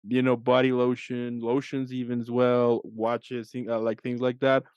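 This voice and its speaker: A man's voice: mid-range voice, monotone, normal speed, a little mellow, clean tone, dry recording, dull audio. Chatty male podcast host, dry sound. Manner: chatty, lots of backchannel agreement, loose rambling sentences. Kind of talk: casual interview chat.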